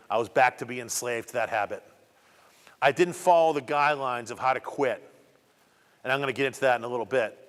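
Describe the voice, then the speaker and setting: With a mid-range, fairly bright voice, a middle-aged guest speaker gives students an emphatic, repetitive testimony about his life. The community program hall lends the recording a long reverb.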